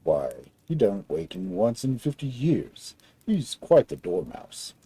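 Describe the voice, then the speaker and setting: A man voicing a big, boastful male giant who is civil but afraid of his wife, speaking slowly in a drawn-out, jovial way. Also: medium pitch, sing-song, warm tone, slightly rough, no echo, heavily acted. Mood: hushing. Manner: slow, drawn-out, jovial speech.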